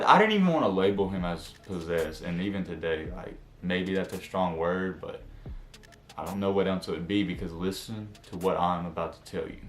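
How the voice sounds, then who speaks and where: A young man telling a casual storytime, slangy and animated, acting out what friends said. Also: low voice, roomy sound, a little hiss or hum. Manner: animated, slangy, acts out quotes.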